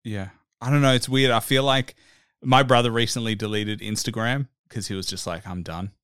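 A man hosts a relaxed interview, agreeable and quick to nod along with short replies. His voice is smooth and clear, recorded dry and close. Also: medium pitch, no echo. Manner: easygoing, agreeable, many short yeahs. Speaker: host. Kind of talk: casual interview chat.

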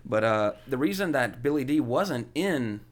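A man's voice: mid-range voice, expressive, moderate pace. Chatty man rambling about movies. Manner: rambling, lots of fillers, enthusiastic. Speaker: podcast host. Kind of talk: casual film chat.

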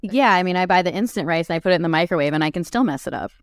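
A woman hosting an interview, chiming in with quick, relatable asides. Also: fairly low pitch, expressive, no echo, studio quality. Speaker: podcast host. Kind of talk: casual interview chat.

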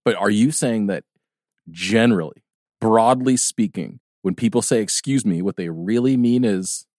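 A man's voice: fairly low pitch, a little slow, a little mellow, dry recording, clean studio sound. Chuckling, questioning male podcast host. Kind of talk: casual comedic chat. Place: podcast studio.

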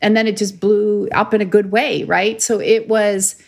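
A middle-aged woman chatting as an interview guest, telling her story in a lively way and acting out her own past lines. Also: medium pitch, moderate pace. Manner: laughs often, swears casually. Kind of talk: casual interview chat.

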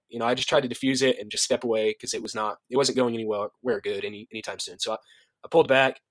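A man who works as a youth director at a ministry, telling a story in an interview, animated, acting out the voices of people he quotes, often restarting his sentences. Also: mid-range voice, no echo.

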